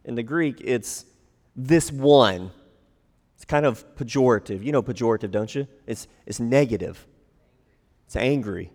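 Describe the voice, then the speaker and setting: A man's voice: mid-range voice, moderate pace, a little mellow. A man preaching a sermon, acting out quoted lines in a raised voice. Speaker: pastor. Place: church sanctuary. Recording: long hall reverb.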